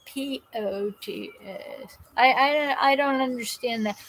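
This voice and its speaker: A talkative woman hosts a live show, reading viewer comments aloud and wandering through her stories. Her voice sits a little high, and she often restarts her sentences. She is speaking through pain. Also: slow, slight background noise, poor audio. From New Jersey. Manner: rambling and animated, with frequent restarts. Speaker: host of a live call-in show.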